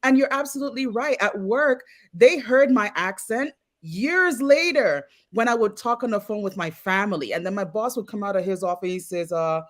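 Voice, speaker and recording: A woman's voice: mid-range voice, lively intonation, normal speed, few pauses. A middle-aged woman from St. Croix with a Crucian accent, hosting a casual interview with agreeing, reflective remarks. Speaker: host.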